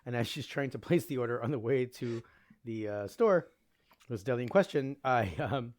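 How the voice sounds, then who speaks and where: A man's voice: medium pitch, normal speed, no room sound, studio quality. A man co-hosting a podcast, telling anecdotes casually and acting out what people said. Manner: animated anecdote-telling, acts out quotes. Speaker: podcast co-host. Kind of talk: casual chat.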